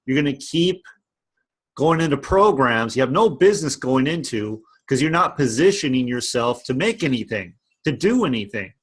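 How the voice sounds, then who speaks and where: A man's voice: mid-range voice, animated, moderate pace, slightly rough. A man vlogging about online business, giving a passionate, repetitive motivational rant.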